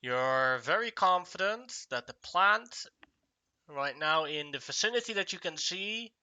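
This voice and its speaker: Game master, male, very bright tone, chatty, halting narration. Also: fairly high pitch, expressive, clean tone, no echo. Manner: descriptive with frequent fillers. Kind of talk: running a tabletop game.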